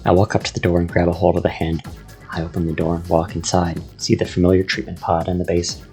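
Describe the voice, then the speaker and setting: A man reading a first-person story aloud with steady, measured narration. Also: sits low, vocal fry, soft background music. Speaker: audiobook narrator.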